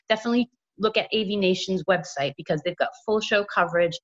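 A woman's voice: mid-range voice, fast talker, highs cut off. A woman hosting a casual podcast interview, rambling with lots of "you know" fillers. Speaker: podcast host.

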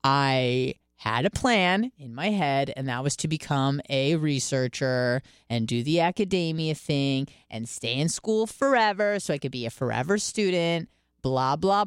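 Profane, animated young woman storyteller. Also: rumbling low, smooth, no echo, clean studio sound. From Michigan, US. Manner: candid, profane, animated storytelling with quoted self-talk. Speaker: radio podcast host. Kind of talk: casual monologue.

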